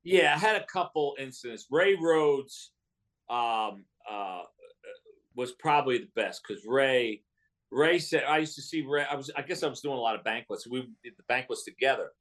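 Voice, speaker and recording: Sex: man. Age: middle-aged. Role: comedian guest. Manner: chatty, restarting sentences. Pitch: medium. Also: moderate pace, a bit bright. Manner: chatty, with frequent restarts and laughs. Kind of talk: casual interview storytelling.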